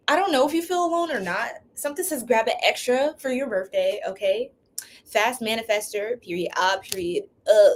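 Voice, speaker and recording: A woman's voice: mid-range voice, slight background noise. Playful woman giving a live tarot reading. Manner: casual and playful, with slang; laughs often. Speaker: tarot reader.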